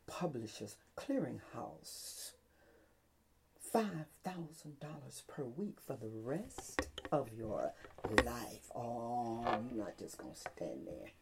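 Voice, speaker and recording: A woman preaching a sermon, swinging from loud cries to hushed whispers. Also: rumbling low, big pitch swings, slow pace, creaky, background noise.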